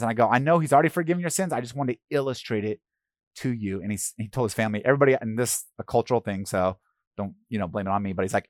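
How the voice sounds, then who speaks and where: Guy preaching, casual and chatty, lots of ums, dry close mic, goes quiet on the tender parts and louder on the big points. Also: mid-range voice, lively intonation, fast, no echo. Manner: conversational, with fillers and repeated words. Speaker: pastor. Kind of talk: sermon with a personal story.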